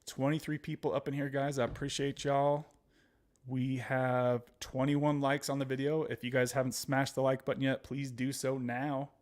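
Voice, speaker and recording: A man's voice: medium pitch, flat delivery, moderate pace, a little mellow. A man hosting a livestream in casual chat, rambling through stories and calling his viewers guys. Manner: rambling, chatty, often addressing viewers as guys; laughs while telling stories. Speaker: livestream host.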